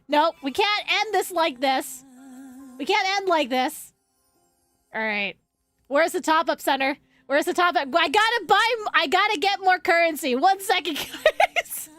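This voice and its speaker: A young woman streamer reacting out loud as she pulls on a game banner, groaning and cheering at the results. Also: sits high, animated, unhurried, dry recording, faint music behind. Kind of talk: live gacha game stream.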